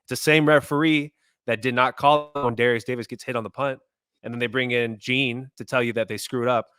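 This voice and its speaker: Bright-voiced, frustrated male sports podcaster. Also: medium pitch, steady tone, a little fast, clear, resonant tone, no room sound. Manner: frustrated, blunt, complaining. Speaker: podcast co-host. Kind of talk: casual sports chat.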